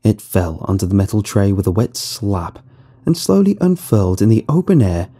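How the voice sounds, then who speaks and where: Husky low-voiced male horror narrator. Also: normal speed. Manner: lively, expressive storytelling. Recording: soft music behind the voice.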